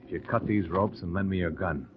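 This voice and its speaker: A man's voice: low voice, a little fast. A man playing a hard-boiled detective who also narrates, wry and clipped, in 1940s radio acting. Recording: dull noisy old radio recording.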